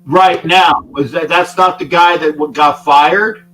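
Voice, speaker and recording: A male sports-talk host with a fairly high voice, talking loosely and emphatically. He stumbles over his words and repeats himself before he lands a point. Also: steady tone, a little slow, sharp tone, poor audio. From Florida. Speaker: show host. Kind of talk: casual sports talk show.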